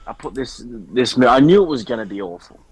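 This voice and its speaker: A man's voice: medium pitch, expressive, a little fast, crowd noise, poor audio. A man co-hosting a podcast, telling a story in a rambling, self-mocking way. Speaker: podcast co-host. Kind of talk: casual chat.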